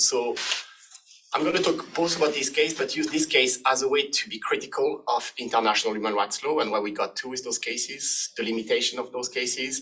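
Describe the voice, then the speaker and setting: A man from France with a French accent, hoarse, giving a chatty seminar talk as a human rights law professor. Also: mid-range voice, pushed and bright, distant mic, rough recording. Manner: chatty, self-deprecating, laughs between points.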